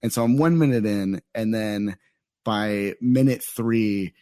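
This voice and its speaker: A man's voice: lowish voice, takes it slowly, warm tone, no echo, clean studio sound. A young adult man from Phoenix, a stand-up comedian telling a story in casual chat, rambling with many fillers. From Phoenix, Arizona. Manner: rambling, lots of "like" fillers and quoted asides.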